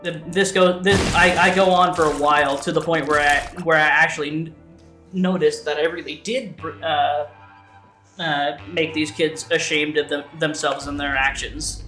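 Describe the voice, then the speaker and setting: A man's voice: fairly high pitch, steady tone, moderate pace, bright, forceful tone. A young man casually telling a story over gameplay, rambling and swearing with many restarts and fillers. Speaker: let's play host. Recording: roomy sound with game music behind. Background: game music.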